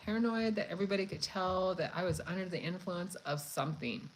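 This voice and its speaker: A woman hosting a cooking channel, chatting casually and telling a story in a frank, profane, animated way. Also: on the low side, fast talker, slight background noise, low-quality recording. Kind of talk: casual live chat storytelling.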